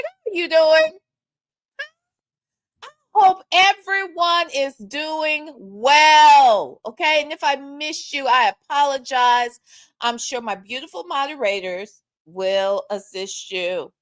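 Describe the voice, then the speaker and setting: A woman's voice: sits high, a bit bright, dry recording, clean studio sound. A woman hosting a casual gossip livestream, playfully teasing and greeting her chat viewers one by one.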